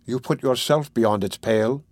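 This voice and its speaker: A man voicing a kindly old gentleman in an audiobook reading, who speaks in a measured, formal and persuasive way. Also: medium pitch, dry recording, lightly acted. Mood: earnest. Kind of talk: audiobook character voice.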